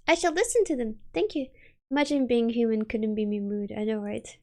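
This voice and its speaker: A woman's voice: fairly high pitch, brisk, darkish tone. A woman streamer chatting casually and giggling as she reads chat aloud from her home setup.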